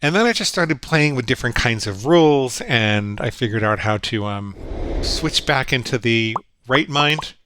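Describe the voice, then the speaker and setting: A man's voice: mid-range voice, lively intonation, moderate pace, pushed and bright, clear, resonant tone, no room sound. Earnest man in a dry recording. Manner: earnest, reflective, quotes his own inner voices. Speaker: guest psychologist. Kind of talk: storytelling conversation.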